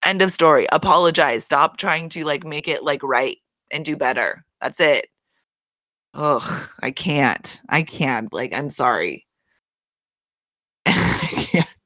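A man's voice: fairly high pitch, animated, slow, pushed and bright, dry recording, clean studio sound. A man giving a casual recap of a reality show, blunt and profane, exasperated, and laughing often.

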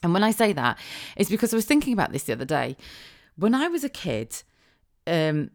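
Middle-aged woman, podcast host, low voice that swings widely, chatty solo talk full of asides and laughter. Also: big pitch swings. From England (Wiltshire). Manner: chatty, laughs often, quick asides and rhetorical questions. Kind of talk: casual solo podcast monologue.

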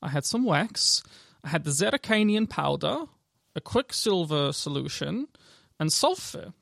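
A man's voice: fairly high pitch, gravelly, fairly bright tone, no room sound, clean studio sound. A man voicing a cheery elf woman who runs an alchemy shop, chatty and full of little laughs.

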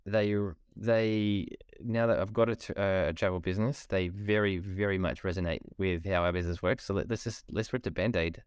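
A man hosting a podcast in casual chat, lively and prone to repeating words. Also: low voice, brisk, hardly any pauses, clean tone, dry recording, studio quality. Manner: chatty, laughs easily, repeats words. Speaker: podcast host.

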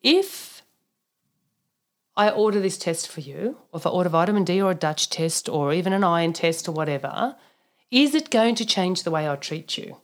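Blunt, animated woman. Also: lowish voice, moderate pace. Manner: animated, blunt, tells client stories with mild swearing. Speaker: naturopath, podcast co-host. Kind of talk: casual podcast chat.

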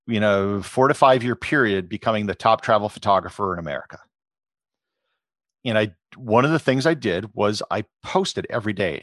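A middle-aged man with a somewhat low voice talks through his ideas in a relaxed, explanatory way, often pausing on fillers. The sound is dry and close, with no room echo. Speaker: podcast host and travel photographer. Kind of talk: conversational interview answers.

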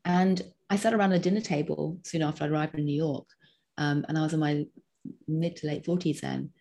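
Low husky woman in her fifties. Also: a little fast. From Britain. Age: 50s. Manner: animated, frequent ums, talks in short listed phrases. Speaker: guest. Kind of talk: conversational interview.

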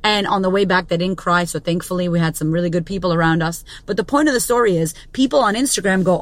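A woman's voice: lowish voice, fairly quick, hardly any pauses, dry recording. A woman in her thirties, a business coach and podcast host, delivering a blunt, profane motivational monologue with strong emphasis. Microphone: studio podcast mic.

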